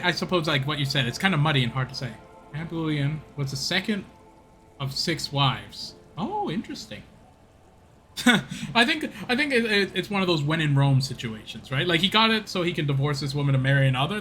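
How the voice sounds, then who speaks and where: A man's voice: fairly high pitch, pushed and bright. A man streaming a game, rambling casually, laughing and mocking himself. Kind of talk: casual gameplay commentary.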